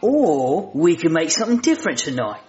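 A man doing a husky wisecracking talking frog. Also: a little high, big pitch swings, moderate pace, darkish tone, exaggerated voice. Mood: scheming. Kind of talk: puppet comedy skit acting. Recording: dull lo-fi recording.

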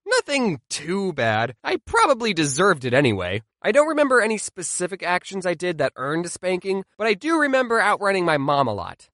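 Animated, sarcastic young man. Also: high-pitched, no echo, clean studio sound. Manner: animated, sarcastic, deadpan asides. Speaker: vlogger. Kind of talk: comedic storytime monologue.

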